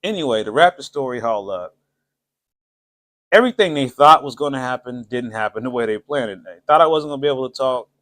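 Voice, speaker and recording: A man hosting his own channel, telling a story in a casual, animated, slangy way and laughing often. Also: mid-range voice, a little fast. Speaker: channel host.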